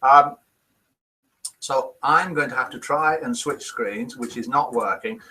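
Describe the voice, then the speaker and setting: In a rough recording, this British man in his fifties talks unhurriedly with a medium-pitched, bright, forceful voice. As host of a live daily show, he reads viewers' comments and jokes in a chatty, self-mocking manner, doing voices for quotes.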